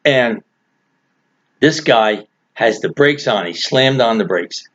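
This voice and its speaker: A man's voice: mid-range voice, expressive, slow, a bit bright. An older man telling a rambling, chuckling anecdote in a casual, folksy way. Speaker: storyteller. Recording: dull lo-fi recording.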